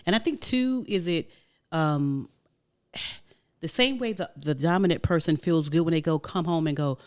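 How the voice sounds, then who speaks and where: A woman's voice: low voice, normal speed. A woman co-hosting a casual talk podcast, telling playful stories about home life. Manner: lively storyteller, playful, laughs often. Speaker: podcast co-host.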